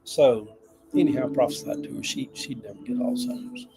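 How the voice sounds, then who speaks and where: A man's voice: mid-range voice, animated, a little fast, gravelly, rough recording. An older man, chatting casually and emotionally on a livestream, rambling and reading viewer comments aloud. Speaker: livestream host.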